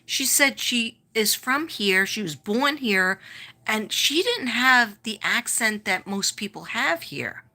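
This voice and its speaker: Middle-aged New York woman, rambling livestream host, bright voice. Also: on the high side, expressive, slow pace. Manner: rambling, chatty, greets viewers by name. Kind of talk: casual livestream chat.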